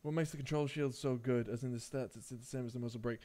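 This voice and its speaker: A man's voice: medium pitch, steady tone, quick pace, warm tone. A man casually commentating his own game play on a live stream, chatting with viewers and calling them mate. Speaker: gaming streamer.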